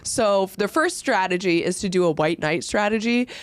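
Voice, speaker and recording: A woman's voice: mid-range voice, animated, moderate pace. A woman co-hosting a casual podcast, telling a story in a chatty way, laughing often and acting out quotes. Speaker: podcast co-host.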